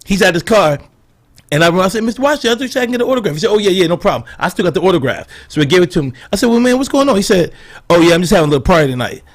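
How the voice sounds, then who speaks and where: A middle-aged man and comedian guest, telling animated stories and acting out the quotes in casual podcast banter. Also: high voice, racing. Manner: animated storyteller, acts out quotes. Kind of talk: storytelling banter.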